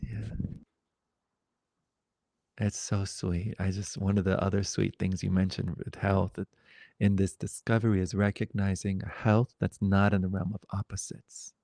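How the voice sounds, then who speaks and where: Gravelly low-voiced man teaching satsang. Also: flat delivery, no room sound, clean studio sound. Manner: reflective, gentle, wandering pauses. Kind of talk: spiritual dialogue.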